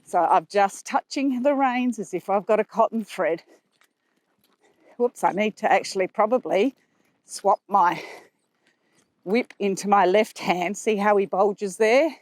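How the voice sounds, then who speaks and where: Woman trainer talking calmly while riding. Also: mid-range voice, a little slow, pauses often, no room sound. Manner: calm and explanatory, praising the horse in soft asides. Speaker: horse trainer. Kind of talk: instructional commentary while riding. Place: riding arena.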